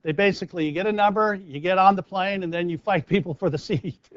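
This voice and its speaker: A man from the United States, a live performance coach, giving a motivational talk and acting out stories with lively character bits. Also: sits high, quick pace, clean tone, no room sound, highs cut off. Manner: animated storyteller acting out scenes.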